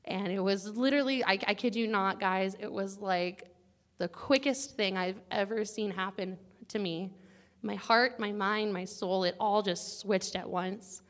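Young woman, earnest chatty testimony, sometimes near tears, mid-pitched voice. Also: a little slow. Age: young adult. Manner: earnest, casual, chatty with many likes and guys. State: close to tears at times. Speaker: student sharing a testimony. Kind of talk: personal testimony to a campus group.

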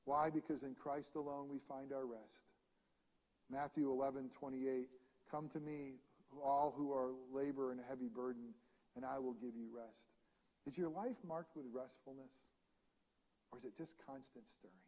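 A man preaching a sermon as pastor, reading scripture aloud and swinging between ringing proclamation and hushed, intimate passages. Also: medium pitch, steady tone, moderate pace. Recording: long reverb of a large hall.

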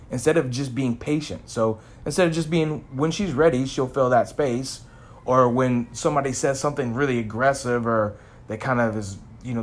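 A man who works in sales, talking candidly in a reflective vlog, searching for his words with many restarts. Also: medium pitch. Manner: rambling, searching, frequent restarts; candid, self-examining. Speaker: vlogger in sales.

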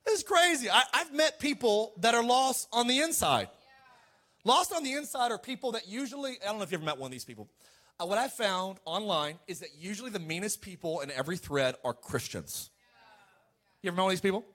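A middle-aged man preaching a sermon as pastor, animated and joking, with sudden shouted peaks and mocking quoted voices. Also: high voice, brisk.

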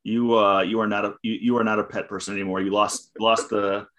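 A man co-hosting a podcast in casual chat, deadpan and teasing dryly. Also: lowish voice, fairly quick. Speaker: podcast co-host.

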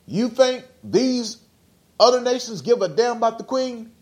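A man's voice: very high-pitched, measured pace, darkish tone. A man hosting a podcast, ranting bluntly in slangy, profane casual talk with heated rhetorical questions. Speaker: podcast host.

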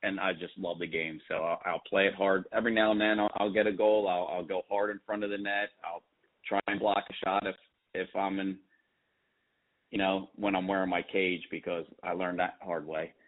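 Deep-voiced guy cracking jokes at himself, sounds like a phone line. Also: level tone, moderate pace. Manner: joking, self-deprecating. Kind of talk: casual chat.

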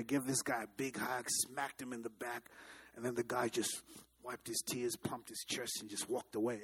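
A male preacher with a high, husky voice delivers a sermon. He tells his stories with animated energy and calls on the congregation to repeat his words back to him. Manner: animated storytelling, leads the congregation in repeating phrases. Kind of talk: sermon with storytelling.

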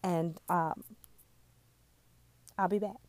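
A woman's voice: fairly low pitch, steady tone, drawn-out words, darkish tone, no echo. A woman hosting a casual solo podcast, a jewelry maker talking earnestly and chatting straight to her listeners with lots of asides. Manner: earnest and heartfelt.

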